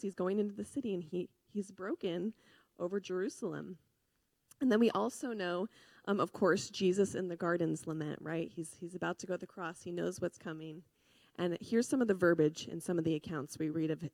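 A woman preaches in a chatty, earnest voice, stumbling over words and restarting. She drops to hushed tones, then rises with bright emphasis. Her mid-range voice is recorded dry and close. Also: mid-range voice, dry recording. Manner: swings between hushed grief and lively emphasis. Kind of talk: sermon.

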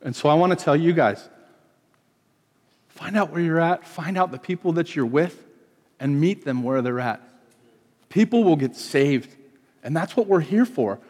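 A man's voice: a little high, lively intonation, normal speed, pauses often, darkish tone. Man preaching in an echoing hall. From California. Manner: storytelling, acting out quoted voices. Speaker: pastor. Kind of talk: sermon.

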